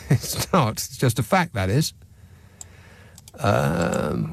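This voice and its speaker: A man's voice: medium pitch, animated, moderate pace, creaky. A man hosting a radio phone-in, talking in a sarcastic, mocking, dry-witted way. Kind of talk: opinionated talk radio monologue. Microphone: studio microphone.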